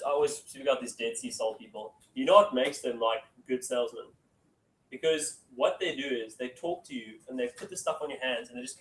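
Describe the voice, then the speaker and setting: A man giving a casual sales training talk to a room. He keeps saying "okay" and acts out phone calls. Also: mid-range voice. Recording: echoey room, mic from far off.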